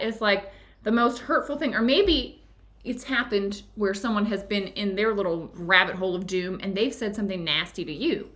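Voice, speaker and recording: A woman's voice: medium pitch, normal speed, fairly bright tone. A woman leading a live-streamed book discussion as a spiritual teacher, enthusiastic and chatty, laughing often and checking in with "right?".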